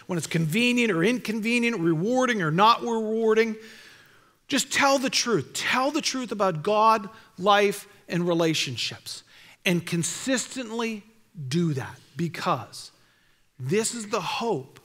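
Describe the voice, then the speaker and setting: A man's voice: high-pitched, expressive, measured pace, pushed and bright. A male pastor preaching a sermon in a church, earnest and exhorting, repeating his key phrases. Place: church sanctuary. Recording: reverberant church hall.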